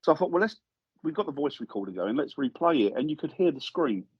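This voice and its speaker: A man, a guest paranormal investigator, telling a lively story in casual chat and acting out the voices he quotes. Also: a little high, quick pace, slightly rough, no room sound, highs cut off. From England. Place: studio.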